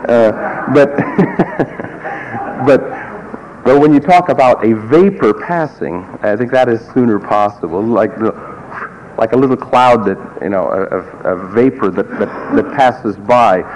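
A music teacher lectures his class in a digressive, wry way full of asides. His mid-range voice is slow and a little mellow, captured on a muffled lo-fi recording with faint hiss.

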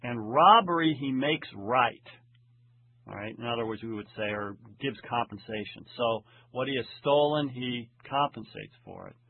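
Male Bible lecturer, slow and deliberate with Hebrew readings, husky tone, lo-fi phone-like recording. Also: medium pitch. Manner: slow deliberate reading of Hebrew phrases, frequent "okay?" check-ins. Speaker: Bible teacher. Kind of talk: lecture on Hebrew grammar of scripture. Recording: husky voice over tinny phone-like line.

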